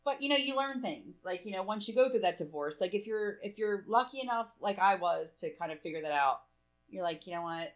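A woman's voice: mid-range voice, expressive, brisk. A woman co-hosting a casual chat, speaking candidly and frankly, laughing often and swearing. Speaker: podcast co-host.

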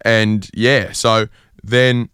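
A man from Sydney hosting a radio show, telling a rambling story in a deadpan style full of fillers. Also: lowish voice, extremely slow, clean tone, dry recording, studio quality. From Sydney, Australia. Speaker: radio host. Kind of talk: comedic casual radio chat.

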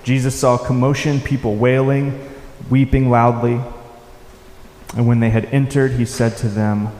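Male pastor, warm, relaxed tone, unhurried sermon delivery, reverberant hall sound. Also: mid-range voice. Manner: unhurried, reflective, with soft-spoken quoted lines. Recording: echoey hall with faint ambience.

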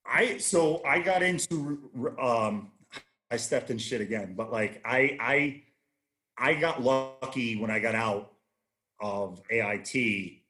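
A man's voice: medium pitch, slow, sharp tone. A man in his thirties, a guest on a casual chat show, telling rambling, profane stories with many restarts. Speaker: podcast guest, army veteran.

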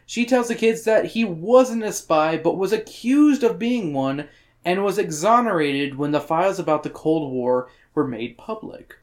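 A podcast host reads chapter summaries aloud in a loose, casual book club chat. The voice sits at a middling pitch. The jokes run crude and irreverent throughout. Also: animated, unhurried.

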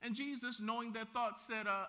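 A man preaching a sermon, acting out the scenes he describes with casual slang and big swings between loud and soft. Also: extremely high pitch, fairly even intonation, normal speed. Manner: dramatic, acts out scenes with slang and shifting loudness.

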